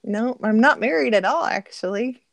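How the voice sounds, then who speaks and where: A woman's voice: on the high side, expressive, normal speed, vocal fry, no echo. A middle-aged woman co-hosting a casual live stream, reading viewer comments aloud, answering them and laughing often. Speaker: livestream co-host reading chat.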